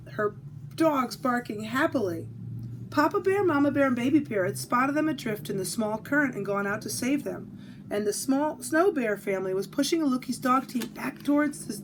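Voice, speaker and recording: Woman teacher, picture-book read-aloud, high and very animated. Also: a little hiss or hum. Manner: animated storytelling. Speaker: physical education teacher.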